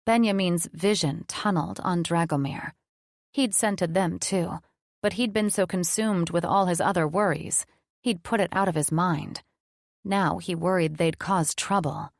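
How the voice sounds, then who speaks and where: A woman's voice: fairly low pitch, measured pace, dry recording, clean studio sound. Woman narrating a romance audiobook.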